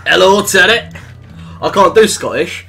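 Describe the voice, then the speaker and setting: A man's voice: sits high, lively intonation, a little slow, vocal fry, bright, forceful tone, breathy edge, soft background music. A young British man hosting a let's play, bantering crudely with his co-host over gameplay. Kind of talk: casual gaming commentary.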